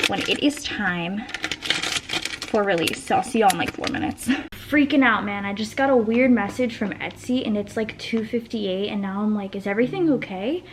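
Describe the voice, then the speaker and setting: A woman, vlogging at home in a nervous, excitable, rambling way full of restarts. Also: medium pitch, background noise. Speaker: vlogger and small business owner. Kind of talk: casual vlog chat to camera.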